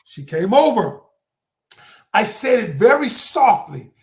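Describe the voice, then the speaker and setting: Male relationship coach, animated and emphatic, motivational storyteller. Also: high voice, slow. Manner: emphatic, dramatic storyteller who addresses the audience directly. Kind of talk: motivational talk with personal story.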